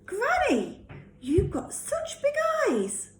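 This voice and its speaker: A woman voicing a frightened little girl from a storybook in a squeaky, exclaiming voice. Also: huge pitch swings, takes it slowly, heavily acted. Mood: startled, scared. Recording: echoey room.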